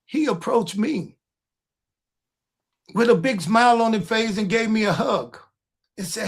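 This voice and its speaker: Older guy, kinda high voice, podcast host telling a story, acts out the quotes, cusses a lot. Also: expressive, normal speed, gravelly, husky. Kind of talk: casual storytelling chat.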